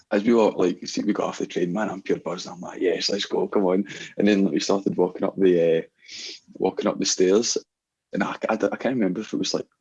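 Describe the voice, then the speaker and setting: A young man with an Ayrshire Scottish accent telling laughing, animated stories in casual podcast chat. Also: sits low, breathy edge, lo-fi sound. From Scotland. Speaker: podcast guest, DJ.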